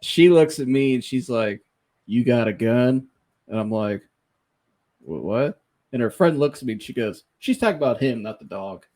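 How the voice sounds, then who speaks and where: A man hosting a podcast, telling a funny story in a casual, animated way, laughing often and mimicking the people he quotes. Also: mid-range voice, normal speed. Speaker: podcast host.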